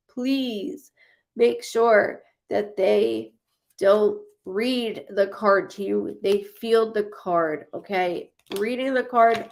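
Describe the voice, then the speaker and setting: A woman hosts a psychic livestream, reading viewers' comments aloud and chatting with them casually and effusively. Her voice is fairly high and creaky. A little hiss or hum is audible.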